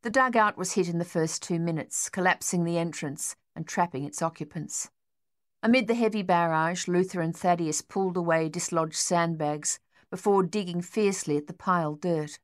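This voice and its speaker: With a lowish voice, a woman narrates an audiobook from a script, keeping her reading steady and measured.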